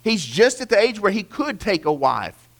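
A man's voice: high-pitched, big pitch swings, moderate pace, a bit bright. A man preaching a sermon, earnest and emphatic, asking rhetorical questions and restarting phrases as he works through the passage. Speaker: pastor.

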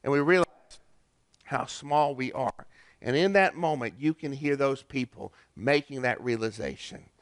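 A man preaching a Christmas sermon, earnest, with pauses and restarts. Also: mid-range voice, no room sound. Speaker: pastor.

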